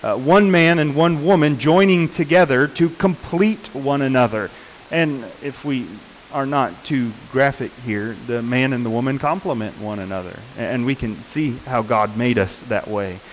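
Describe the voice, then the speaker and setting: A man preaching a sermon in an unhurried, earnest way, often pausing with fillers and restarting his sentences. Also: medium pitch, a little hiss or hum, rough recording.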